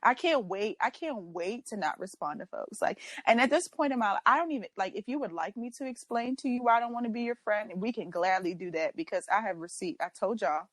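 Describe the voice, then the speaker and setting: A young woman co-hosting a podcast in casual chat, telling stories with lively quoted voices. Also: mid-range voice, fairly quick, few pauses, no echo. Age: young adult. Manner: animated storyteller, acts out her own quotes. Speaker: podcast co-host.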